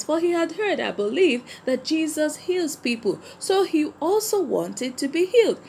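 A woman's voice: high voice, very animated, a little slow, hardly any pauses, a little mellow. A woman giving a Sunday school lesson to children in an emphatic way, repeating key phrases and putting questions to her listeners.

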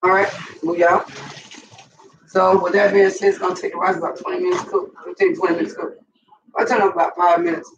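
A man's voice: high-pitched, little pitch movement, fast, pauses often. A middle-aged man with a Southern US accent, chatting casually and cursing as he demonstrates cooking in his home kitchen, talking straight to viewers. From American South. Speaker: cooking vlogger. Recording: roomy distant dull mic, faint noise.

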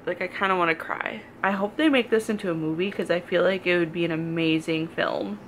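A woman's voice: fairly low pitch, fairly even intonation, fairly quick, a little hiss or hum. A young woman talking casually in a reading vlog, emotional and rambling, full of "like" and nervous laughs. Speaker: book vlogger.

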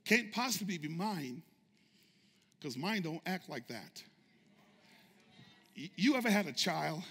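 A man preaching a sermon as pastor, shouting fervently and calling out to his congregation for responses. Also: a little high, big pitch swings, takes it slowly, slight background noise. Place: church sanctuary. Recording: echoey church sanctuary reverb.

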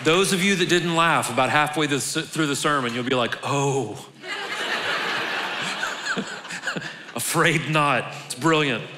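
A pastor with a slightly high voice preaches at a normal speed in a large church hall, keeping his sermon casual and conversational as he jokes and restarts words. The audio is very noisy, with long church reverb and faint ambience.

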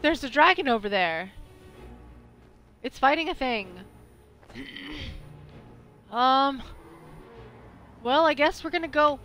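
A woman streaming a video game, chatting excitably and talking back to what happens on screen. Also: high-pitched, takes it slowly, pauses often, soft background music. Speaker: gameplay streamer. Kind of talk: live let's-play commentary.

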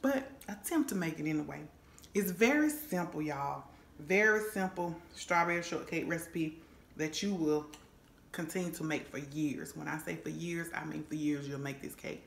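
A woman's voice: low-pitched, moderate pace, gravelly, a little hiss or hum. A woman hosting a home cooking vlog in her kitchen, folksy and exclaiming, calling her viewers honey and baby. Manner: exclaims and hums over the food. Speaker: cooking show host.

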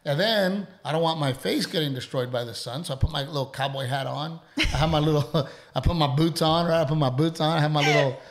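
A man, co-hosting a casual podcast with his wife and telling animated stories, acting out quotes and swearing freely. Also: on the high side, fairly quick, hardly any pauses. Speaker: podcast co-host.

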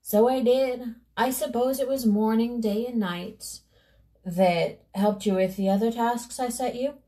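Woman voicing a fierce old witch from a storybook, bossy and stern, slow and mellow. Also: a little high, steady tone, voice pushed up, natural voice. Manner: stern, demanding commands. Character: fierce old witch who threatens to eat girls.

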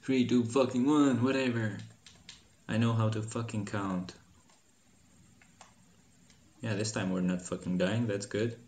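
A man hosting a gaming channel, giving casual gameplay commentary, profane and swearing freely, with animated outbursts of mock anger. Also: lowish voice, a little slow, long pauses, roomy sound, slight background noise.

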